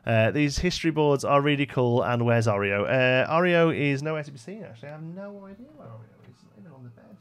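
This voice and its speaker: Speaking fast with barely a pause, a West Midlands man with a medium-pitched voice and a Brummie accent builds something during a live stream. He keeps things chatty and casual, reading viewer comments aloud and responding to each.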